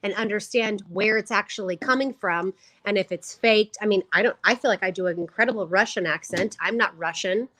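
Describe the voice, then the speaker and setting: A woman's voice: mid-range voice, a little fast, hardly any pauses, fairly bright tone, dry recording. A middle-aged woman from California co-hosting a podcast at home, earnest and argumentative in casual chat. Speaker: podcast co-host.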